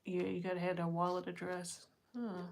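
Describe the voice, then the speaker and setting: A woman's voice: fairly low pitch, completely flat delivery, moderate pace, gravelly, a little mellow. A woman hosting a casual live stream, chatting with her viewers and reading their comments, often laughing. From United States. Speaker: livestream host.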